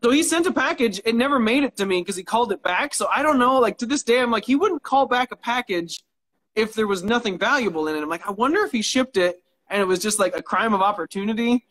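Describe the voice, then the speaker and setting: A man's voice: high voice, animated, fast talker, a bit bright. A man in casual interview chat, telling rambling stories with swearing and frequent laughs, talking into a phone on a live stream. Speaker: guest knife maker.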